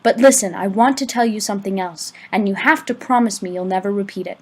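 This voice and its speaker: A woman's voice: mid-range voice, a little mellow, a little hiss or hum, close to an everyday voice, rough recording. A woman reading the lines of an earnest adult male teacher in an amateur audiobook, talking urgently and sometimes stammering. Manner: urgent, halting, stammering in places.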